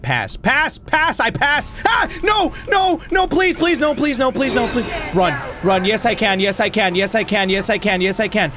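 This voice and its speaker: An excitable young man narrating his own gameplay in a high, animated voice. He jumps between mumbling to himself and yelling, with frequent swearing and laughter. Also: a little hiss or hum. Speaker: gaming YouTuber. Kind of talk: let's play commentary.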